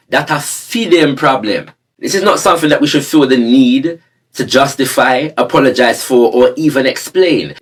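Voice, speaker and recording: Husky Jamaican man, measured commentary. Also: mid-range voice, fairly bright tone.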